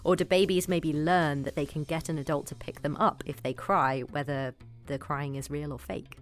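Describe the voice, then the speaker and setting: A woman with a very low voice co-hosts a discussion with a thoughtful, even delivery. Faint music sits underneath. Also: normal speed. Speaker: podcast co-host. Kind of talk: scripted podcast discussion.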